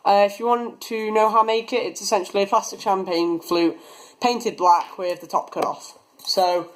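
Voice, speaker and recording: A man's voice: high-pitched, rough recording. A teenage young man chatting casually while building a model rocket, rambling as he works, recorded on a phone camera. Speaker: hobby rocketry vlogger.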